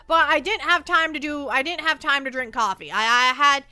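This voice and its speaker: A woman's voice: high-pitched, moderate pace, sharp tone, no room sound. A woman streamer chatting casually and rambling, often repeating her words as she answers chat. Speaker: livestreamer.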